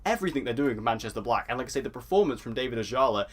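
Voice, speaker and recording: A man's voice: medium pitch, expressive, very fast. A man reviewing a TV episode in a casual, enthusiastic, chatty way, stacking up praise. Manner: enthusiastic and chatty, piles on "so" and "really". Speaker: TV review vlogger.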